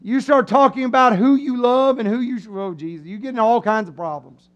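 A man preaching a sermon in a church, animated and acting out the voices of his listeners. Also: extremely high pitch, a little fast. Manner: animated, acts out voices of the crowd. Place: church sanctuary.

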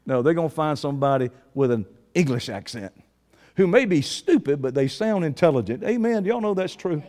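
A man's voice: a little high, lively intonation, brisk, darkish tone. A man preaching a sermon to his congregation with a Southern Georgia accent, folksy and calling out to the room. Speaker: pastor. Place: church hall. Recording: preaching in a reverberant hall.

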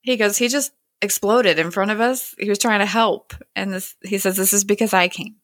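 A woman's voice: mid-range voice, steady tone, moderate pace, fairly bright tone, no room sound, clean studio sound. A woman hosting a podcast, casually recapping a TV episode scene by scene and lightly voicing the characters as she goes.

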